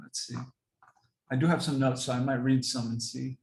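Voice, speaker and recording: A man casually explaining how he trains his dogs, relaxed and rambling, laughing often. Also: mid-range voice, moderate pace, vocal fry, echoey room, poor audio. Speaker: dog owner explaining training. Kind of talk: casual talk to camera.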